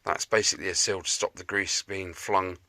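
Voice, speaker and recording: He's a motorbike restoration vlogger, talking casually and jokily to camera with plenty of self-mockery while restoring a scooter in his home shed. The voice is deep, gravelly and sharp, with a steady tone and a brisk pace.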